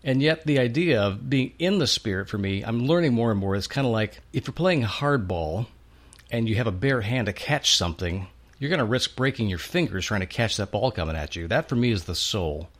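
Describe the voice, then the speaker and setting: Man, podcast host, reflective, fairly low voice. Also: animated, a little fast. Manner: reflective, thinks aloud with images. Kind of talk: faith podcast interview.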